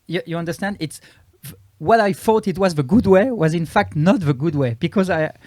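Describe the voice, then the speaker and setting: Halting French-accented man, fairly high voice. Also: a little mellow, no echo, clean studio sound. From France. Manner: halting, searching for English words. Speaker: comedian and guest. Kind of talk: casual interview chat.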